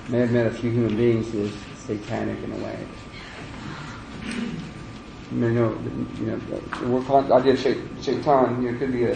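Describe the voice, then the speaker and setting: A male religious teacher lectures in a roomy, echoing hall, his voice sitting a little high for a man. He rambles conversationally, wanders into joking asides, and comes back to his point. A faint hiss sits under the recording. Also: a little mellow. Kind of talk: lecture with humor. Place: lecture room with audience. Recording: roomy echoey lecture room.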